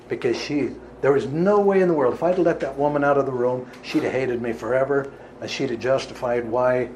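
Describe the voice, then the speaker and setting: A man's voice: mid-range voice, slight background noise, low-quality recording. Earnest man telling a vivid story. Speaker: healer giving a talk. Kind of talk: storytelling talk to an audience.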